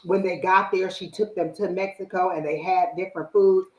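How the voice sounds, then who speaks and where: A woman with a low voice talks with a live stream audience in a casual, animated way and gives spiritual advice. She often acts out what she says to herself. Her voice rings in an echoey room. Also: moderate pace. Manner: animated, acts out her own inner voice and quotes. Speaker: psychic reader, live stream host.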